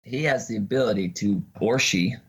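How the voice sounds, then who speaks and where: A man's voice: fairly low pitch, normal speed, a bit bright, husky. A man guesting on a casual podcast, playful and thinking aloud.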